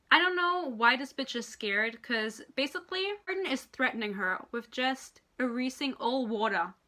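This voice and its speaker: A woman rants through a book review with exasperated, sarcastic disbelief, swearing freely. She slips into quick impressions of the characters. Her voice is bright and sits a little high. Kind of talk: ranting book review vlog.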